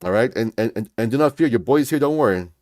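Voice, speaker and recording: Male livestream host, hyped and repetitive, mid-pitched, dry close sound. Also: lively intonation, quick pace, a little mellow, no room sound. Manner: pumped, repetitive, keeps saying "folks, all right?". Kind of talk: hyped market commentary livestream.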